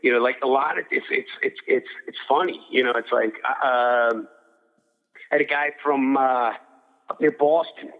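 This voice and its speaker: A man's voice: mid-range voice, normal speed. A middle-aged man from Philadelphia, a boxing cutman, telling stories in a rambling interview and acting out quotes. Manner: rambling, many restarts, acts out quotes. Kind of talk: casual interview storytelling. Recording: phone-like line with long reverb.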